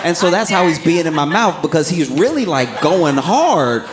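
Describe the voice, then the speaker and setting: A young man doing stand-up comedy, telling a story in an animated way and laughing as he goes. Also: fairly high pitch, normal speed, crowd noise. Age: young adult. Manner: animated, laughing through his own story.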